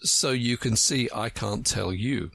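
A man reading a storybook aloud, voicing a pompous, scornful know-it-all who speaks in a lively, lilting way. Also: mid-range voice, unhurried, gravelly, husky, heavily acted.

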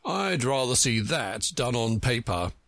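Man playing a scornful pompous know-it-all, storybook reading, swooping pitch, gravelly, dry recording. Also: unhurried, no room sound. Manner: pompous, contemptuous, lively lilting delivery.

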